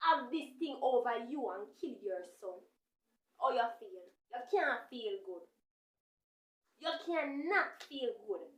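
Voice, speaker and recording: Jamaican woman commentator, high-pitched and impassioned, echoey room. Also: fairly bright tone. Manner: impassioned, questioning, repetitive. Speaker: commentator reacting to a news interview. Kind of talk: emotional reaction commentary.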